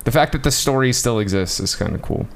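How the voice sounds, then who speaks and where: Male podcast co-host, comic reactor, very expressive pitch. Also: creaky, slight background noise. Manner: joking, laughing, quick reactions. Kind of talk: casual banter.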